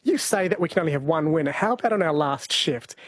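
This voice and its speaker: An Australian man hosting a casual radio chat, his voice fairly high for a man and husky. He jokes playfully with his co-host. The studio sound is dry and close. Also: lively intonation, fast talker, no room sound. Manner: playful, joking banter. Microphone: studio microphone.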